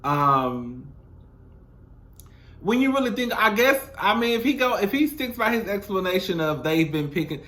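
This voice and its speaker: A man's voice: sits high, normal speed. A man giving blunt, sassy commentary in a casual reality show recap, talking straight to his viewers. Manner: sassy, blunt, animated, calls viewers "girl".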